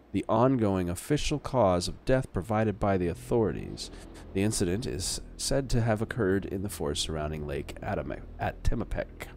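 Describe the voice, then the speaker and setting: A man puts on a stiff male TV newscaster, reading in a raised, formal announcer style. The voice sits low and even. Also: a little hiss or hum.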